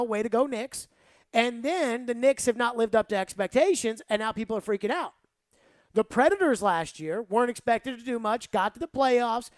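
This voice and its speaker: A woman's voice: on the high side, no room sound. A woman hosting sports talk radio, giving rambling, emphatic opinions and saying "like" a lot.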